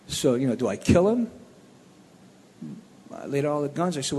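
A man from the Cleveland area telling his own testimony in a plainspoken, animated storytelling way. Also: mid-range voice, normal speed, slightly rough, big-room sound.

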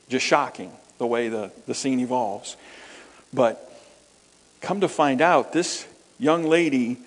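An earnest man preaching from a pulpit, telling a story in a middle-pitched voice that often stumbles over and repeats words. His voice rings with a long hall reverb. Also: breathy edge. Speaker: minister. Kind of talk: sermon storytelling.

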